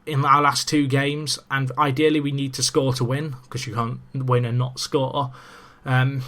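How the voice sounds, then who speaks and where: A young man in casual let's-play commentary, chatty and excitable with self-mocking asides, talking into a desk microphone. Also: mid-range voice, unhurried. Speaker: gaming commentator.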